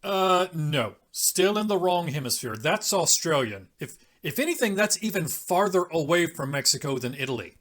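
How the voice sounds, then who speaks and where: A woman's voice: low voice, lively intonation, moderate pace, hardly any pauses, a bit bright. A woman voicing a pedantic partygoer who corrects others with flustered stammering. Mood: correcting.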